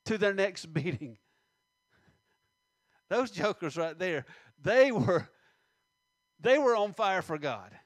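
High-voiced emphatic male preacher. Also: no echo. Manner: emphatic, reads scripture slowly, asks the congregation questions. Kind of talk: sermon.

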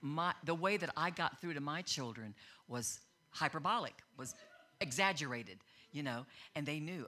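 Woman, middle-aged, informal sermon, animated storyteller, bright tone. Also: deep voice, moderate pace. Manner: animated storytelling, laughs, acts out voices. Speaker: speaker teaching on faith. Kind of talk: informal sermon with personal stories.

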